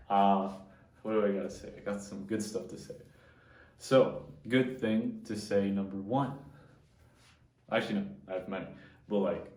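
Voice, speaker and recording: Young guy, kinda low voice, earnest thank-you message, lively storytelling, roomy echo. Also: distant mic. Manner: earnest and animated, acts out quoted exchanges. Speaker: family friend and babysitter. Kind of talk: heartfelt personal tribute.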